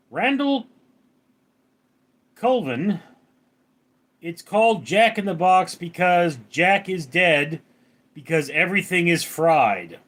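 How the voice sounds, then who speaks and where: Outdoors at night, a Los Angeles, California man runs a relaxed late-night livestream, reading chat aloud and rambling through his replies. His voice is high-pitched and fairly bright with lively intonation, and he speaks slowly, leaving long pauses.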